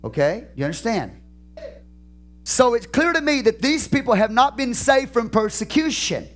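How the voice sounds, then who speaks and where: A man pastor preaching a sermon in a church, fervent and questioning, with shouted peaks and slow drawn-out phrases. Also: very high-pitched, sing-song.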